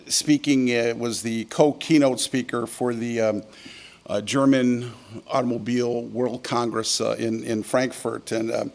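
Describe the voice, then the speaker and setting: An older man telling a story from the podium at a keynote. His delivery is folksy and full of ums and uhs. His pitch sits in an ordinary middle range for a man. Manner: folksy storyteller, frequent filler words. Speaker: keynote speaker. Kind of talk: conference keynote speech. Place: yacht club event hall.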